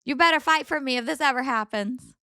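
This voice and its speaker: A woman co-hosting a casual story-discussion podcast with her partner, chatty and animated, laughing often. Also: high-pitched, fast, clear, resonant tone, no room sound, clean studio sound. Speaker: co-host reading Reddit stories.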